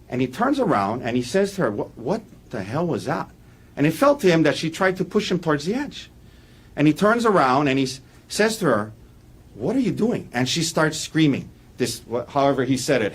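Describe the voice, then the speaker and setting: A man giving a defense opening statement in a courtroom, walking the jury through events in an earnest, halting way with frequent restarts. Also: a little high. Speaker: defense attorney.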